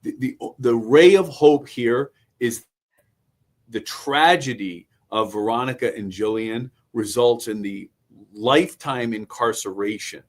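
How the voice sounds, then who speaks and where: Man, middle pitch, measured, legal analysis, casual discussion. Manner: measured, speaks from his own career.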